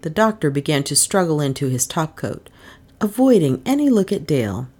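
A woman reading a novel aloud as a narrator, in a measured way, giving the characters modest voices of their own. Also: low-pitched, sing-song, darkish tone. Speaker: audiobook narrator.

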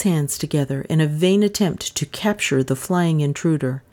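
A woman's voice: deep voice, moderate pace, mellow. A woman narrating an audiobook with dramatic, suspenseful expression.

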